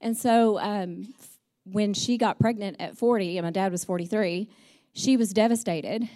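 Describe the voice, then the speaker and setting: A woman's voice: medium pitch, normal speed, mellow. A middle-aged woman, sharing personal family stories as a church speaker in a chatty, heartfelt way with many ums. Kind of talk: personal storytelling message.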